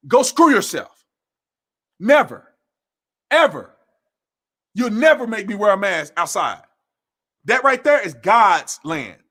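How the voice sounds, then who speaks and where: High, lively, bright-voiced ranting man. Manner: blunt, combative, repeats phrases for emphasis; slangy, informal speech. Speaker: political commentator. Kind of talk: heated political rant to camera.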